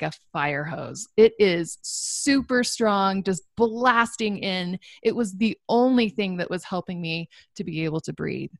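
A woman's voice: mid-range voice, no room sound, studio quality. A young woman telling a personal story in an earnest, reflective way, with light laughs between lines. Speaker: guest telling her story. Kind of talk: personal testimony.

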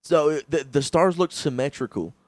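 A young man co-hosting a podcast, talking in a halting way that keeps searching for words, with casual swearing. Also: fairly high pitch, no echo. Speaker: podcast co-host. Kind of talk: casual chat. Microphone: studio microphone.

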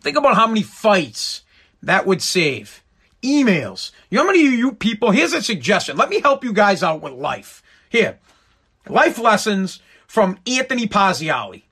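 A man with a radio background, talking in an animated, emphatic rant and swearing freely. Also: sits high, normal speed, breathy edge. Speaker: radio personality. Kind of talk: casual profane rant.

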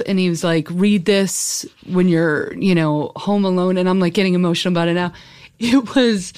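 Lowish-voiced woman telling rambling stories. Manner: animated rambling storyteller, many fillers. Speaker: comedian guest. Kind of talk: casual interview chat.

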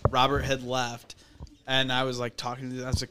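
A man's voice: mid-range voice, monotone, fairly quick. Young man telling a story, loose and profane. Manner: loose, profane, filler-heavy. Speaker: podcast guest. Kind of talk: casual storytelling. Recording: audible background noise.

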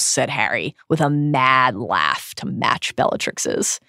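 A woman's voice: a bass voice, sing-song, takes it slowly, creaky, bright, forceful tone, no echo, studio quality. A woman co-hosting a podcast who retells book scenes earnestly and reads passages aloud. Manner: earnest, emphatic storytelling. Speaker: podcast co-host. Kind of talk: reading book passages with commentary.

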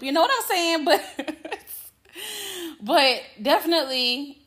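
A woman's voice: high-pitched, expressive, measured pace, pauses often, fairly bright tone. A woman hosting her own podcast, telling a personal story in a candid, profane, casual monologue and acting out the dialogue. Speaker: podcast host.

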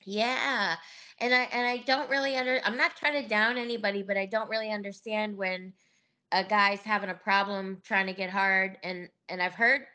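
A woman's voice: medium pitch, steady tone, moderate pace, bright, forceful tone. Candid laughing woman telling stories. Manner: candid, laughing, acts out quoted voices. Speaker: podcast guest. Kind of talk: casual interview storytelling.

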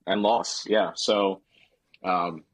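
A man chatting as a podcast guest, relaxed and rambling with lots of filler words. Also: low-pitched, drawn-out words. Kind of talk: casual podcast chat.

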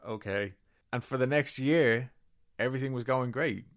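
A man's voice: medium pitch, normal speed, a bit bright. A man co-hosting a podcast, casually retelling a story and reading quotes from a book, with swearing and laughing asides. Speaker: podcast co-host.

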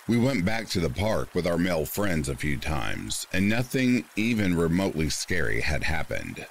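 Deep-voiced male narrator with an expressive, shifting pitch; deliberate scripted horror reading over soft rain. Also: a little hiss or hum. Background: faint rain.

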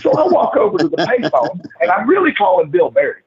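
A man's voice: high-pitched, huge pitch swings, fast. A man telling rowdy stories as a podcast guest, swearing freely and acting out quotes, over a tinny call line. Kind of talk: casual storytelling.

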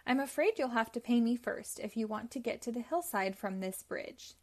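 A polite, self-pitying storybook troll, read aloud by a woman with a fairly high voice. He sounds calm and reasonable as he asks for his toll. It is a picture book read aloud to children. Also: moderate pace. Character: polite, self-pitying male troll who collects tolls.

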